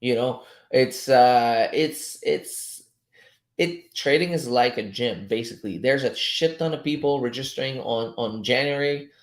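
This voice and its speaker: A man whose first language is French, chatting casually as a trading coach while he reads charts live, loose-tongued and quick to chuckle. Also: medium pitch. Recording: roomy echo.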